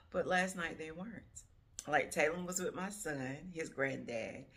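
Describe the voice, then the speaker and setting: Her voice is low but fairly bright, and she speaks a little slowly. A vlogging grandmother in her fifties, she rambles reflectively to camera about how times have changed, peppering her chat with "you know what I'm saying" asides.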